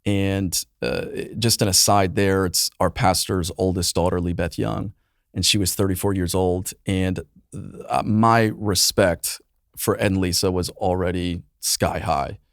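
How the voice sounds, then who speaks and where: A man in his thirties, a youth pastor appearing as a podcast guest, earnestly tells a painful personal story in conversation, his voice dropping low and soft at the hardest moments. He speaks unhurriedly with fairly even intonation and some vocal fry. The studio-quality recording has no room sound.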